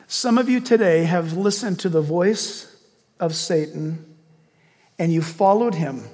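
A male pastor preaching a sermon and leading a closing prayer, animated, hushing his voice to act out a villain's lines. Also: fairly high pitch, measured pace, big-room sound.

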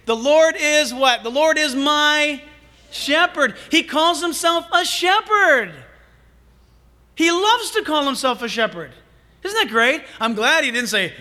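A pastor preaches with a strikingly high, bright, ringing voice. He talks in an animated, humorous way, breaking off into playful asides to his listeners. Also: unhurried. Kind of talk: sermon.

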